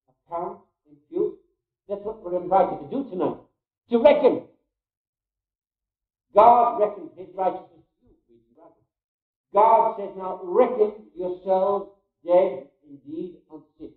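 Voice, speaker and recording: Emphatic high-voiced male preacher, tinny echo. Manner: emphatic, rhetorical questions, repeats key phrases. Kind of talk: Bible teaching sermon. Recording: echoey room on a tinny phone-like line.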